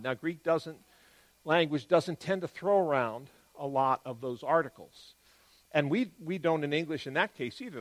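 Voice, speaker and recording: A man giving an explanatory Bible teaching, stressing key words and moving between quick and drawn-out phrasing. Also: on the high side, animated.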